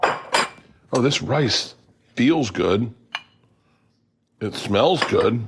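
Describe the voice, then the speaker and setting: Podcast host man, mid-pitch, loud lively storytelling, acts out the quotes. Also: drawn-out words, background noise. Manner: animated storyteller, acts out quotes with big pitch jumps, laughs often. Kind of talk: casual storytelling chat.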